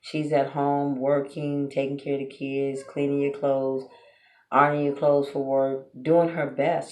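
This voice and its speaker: A woman's voice: low-pitched, a little mellow. A woman giving blunt relationship advice straight to her viewers, preachy and full of rhetorical questions. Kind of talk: direct-to-camera advice monologue. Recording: roomy echo.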